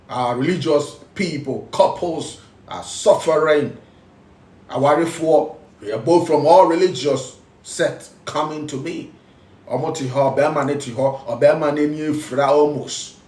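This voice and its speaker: A man's voice: on the high side, reverberant, far from the mic. A man with a Ghanaian accent, speaking as a spiritual teacher, emphatic and repetitive, switching between English and local phrases. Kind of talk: preaching talk.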